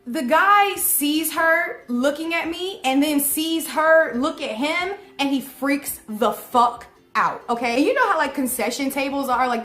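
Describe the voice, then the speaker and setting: A young woman telling a storytime vlog in an animated, slangy and profane way. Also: sits high. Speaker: vlogger. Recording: echoey room.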